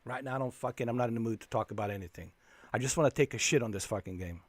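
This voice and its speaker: A man's voice: medium pitch, rapid-fire, dry recording. Furious swearing male game streamer. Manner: angry, swearing, ranting. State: fuming. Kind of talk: live stream commentary.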